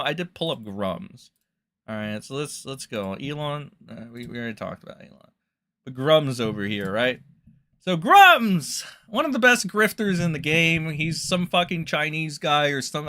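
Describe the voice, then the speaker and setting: A man's voice: mid-range voice, bright, forceful tone. A man streaming a rambling, profane and sarcastic rant to his viewers. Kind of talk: livestream rant.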